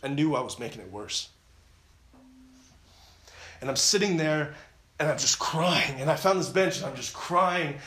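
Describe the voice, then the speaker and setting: A man's voice: fairly high pitch, lively intonation, unhurried, pauses often, bright, forceful tone. Man, camp speaker, earnest storytelling, echoey room. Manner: earnest storytelling, frequent restarts and repetition. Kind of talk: personal testimony talk. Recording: roomy echo.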